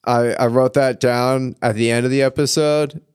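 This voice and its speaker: A man's voice: medium pitch, fairly even intonation, normal speed, darkish tone, clean tone. A man co-hosting a podcast in laid-back, crude joking casual chat. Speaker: podcast co-host.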